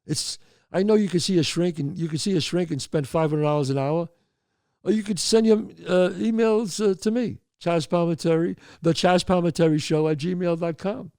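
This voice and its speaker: A man with a fairly high voice hosts a show in clean, echo-free studio audio. He's an animated storyteller recounting neighborhood happenings and giving advice, addressing his folks with emphatic asides.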